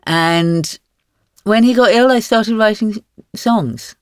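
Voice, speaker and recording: A woman in her sixties, a guest author in a podcast interview, telling stories in a wry, lively way with frequent laughs. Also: mid-range voice, slow pace, smooth, no echo, studio quality.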